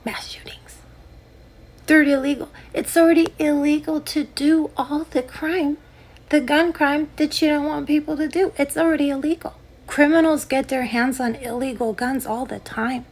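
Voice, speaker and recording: A woman's voice: high-pitched, steady tone, normal speed. A young woman hosting a podcast, delivering a sarcastic, combative comedic rant straight at her listeners. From United States. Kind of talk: ranting comedic monologue.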